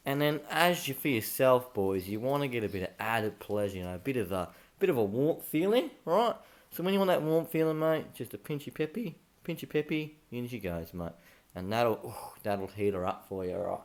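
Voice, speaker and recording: A man's voice: mid-range voice, expressive, normal speed. Blokey Australian man hosting a mock tutorial. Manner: blokey, chatty, lots of "mate" and "right?". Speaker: comedy channel host.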